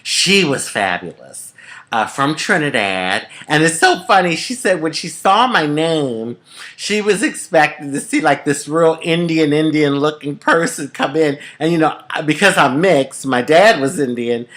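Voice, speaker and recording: A middle-aged woman from the United States telling a personal story to camera in a chatty, expressive way, often calling the listener honey. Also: low voice, unhurried. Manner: chatty and expressive, calls viewers honey, swoops up for emphasis. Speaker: vlogger.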